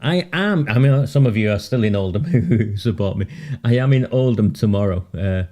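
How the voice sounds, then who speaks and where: A man's voice: fairly low pitch, a little fast, mellow. A man addressing supporters in an informal speech, chatty and joking, with self-deprecating asides.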